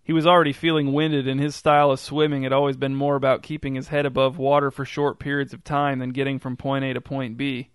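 Man, story narrator, even measured delivery, very flat intonation, smooth resonant tone, dry close sound. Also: mid-range voice, no room sound.

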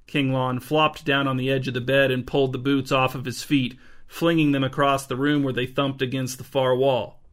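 A man reading a storybook aloud as narrator, in an even, dry storytelling manner. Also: mid-range voice, normal speed.

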